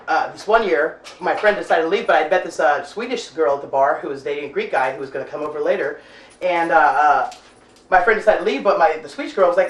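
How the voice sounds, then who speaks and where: A woman hosting her own cooking show, chatting loosely with many filler pauses as she tells a story while she cooks in her kitchen. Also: on the low side, distant mic. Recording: roomy sound, voice off-mic, faint noise.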